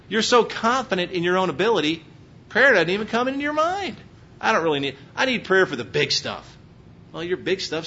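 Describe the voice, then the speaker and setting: A man with a slight Texas accent preaching a sermon as pastor, emphatic and full of rhetorical questions. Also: fairly bright tone. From Pennsylvania. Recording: muffled recording with faint low rumble.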